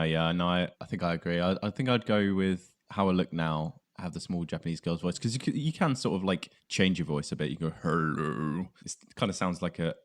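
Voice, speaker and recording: A man with a southern English accent hosting a podcast in casual chat, laughing often. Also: sits low. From south of England. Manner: laughs often, puts on silly voices. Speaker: podcast host.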